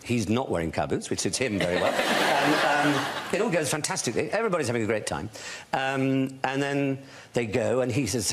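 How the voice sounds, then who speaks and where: A man's voice: medium pitch, very animated, fairly quick, slight background noise. A man, a talk show guest and author, tells a story eloquently and theatrically, acting out the voices of the people in it. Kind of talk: anecdotal storytelling.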